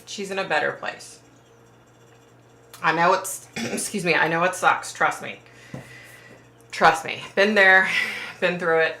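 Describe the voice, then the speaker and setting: A woman hosts a casual livestream from home, answering her viewers' chat. Her voice sits low but has a bright, forward edge. The sound is roomy and echoey, as if she's in a bare room. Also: unhurried, pauses often, slight background noise. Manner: chatty and sympathetic, trailing off with fillers. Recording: roomy echo.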